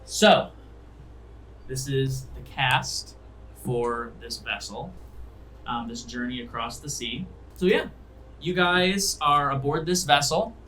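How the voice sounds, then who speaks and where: A man's voice: medium pitch, slow, sharp tone, a little hiss or hum, poor audio. A man narrating a tabletop game as game master, rambling along with many fillers.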